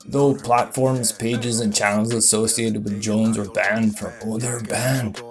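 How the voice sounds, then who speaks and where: A man hosting a comedy show, reading a web page aloud with sarcastic commentary and sudden high, excited outbursts. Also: measured pace. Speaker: host.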